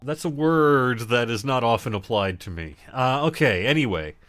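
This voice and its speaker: A man's voice: medium pitch, expressive, normal speed, a bit bright, no echo. A man hosting a casual gaming livestream, chatting loosely and answering viewer questions as he plays. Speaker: livestream host.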